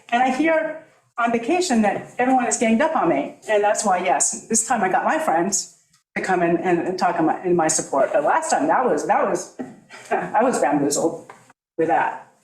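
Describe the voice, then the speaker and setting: A woman's voice: mid-range voice, expressive, normal speed, roomy sound, low-quality recording. A middle-aged woman making an emotional, rambling, apologetic public comment at a podium in a town meeting room. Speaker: homeowner speaking at a public hearing.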